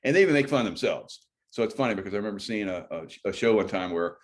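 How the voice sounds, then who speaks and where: A middle-aged man hosts a livestream in a lowish voice, talking fast with lively intonation. His chat is casual and rambling, and he keeps breaking off mid-sentence. It's picked up on a phone or computer mic.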